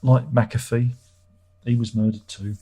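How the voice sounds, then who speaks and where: Middle-aged male streamer, husky and irreverent, chatty comment-reading host. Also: medium pitch, little pitch movement, unhurried, warm tone. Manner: irreverent, joking, swears freely. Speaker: livestream host. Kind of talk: casual livestream chat reading viewer comments.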